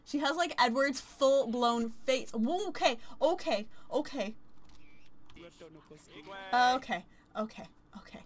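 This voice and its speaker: A woman giving casual, chatty commentary while playing a life-simulation game, gushing and excitable. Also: high-pitched, slow, pauses often. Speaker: let's play commentator.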